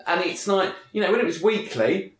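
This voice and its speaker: A man's voice: high voice, expressive, a little fast. A man co-hosting a casual podcast chat, rambling and emphatic, with many restarts. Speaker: podcast co-host. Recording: echoey room.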